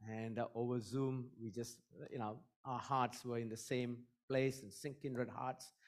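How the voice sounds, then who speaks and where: A man's voice: medium pitch, level tone, moderate pace. Fervent guest preacher, man, middle-aged. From Eurasian, half Portuguese half Indian. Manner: fervent prayer, repeating "God" at each phrase end; joking, self-deprecating storytelling. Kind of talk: sermon with prayer and personal stories.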